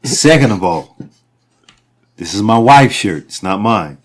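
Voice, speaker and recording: A man's voice: fairly low pitch, lively intonation, unhurried. A man co-hosting a casual podcast, swearing freely and making mock threats at his friends. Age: older than his co-hosts. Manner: profane, mock-threatening joker. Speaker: podcast co-host.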